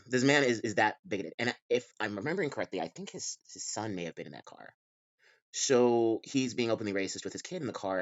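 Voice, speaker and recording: A man's voice: medium pitch, dry recording. Exasperated man with a dull lo-fi mic. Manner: exasperated, repetitive restarts. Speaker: commentary channel host. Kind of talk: reaction commentary.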